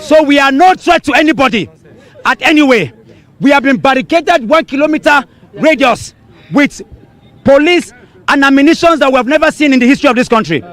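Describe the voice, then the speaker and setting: A man with a Nigerian accent leading a street protest, declaiming demands to the crowd with forceful repetition. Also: very high voice, expressive, a little fast. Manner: forceful, declaiming, repeating lines for emphasis. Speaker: protest leader.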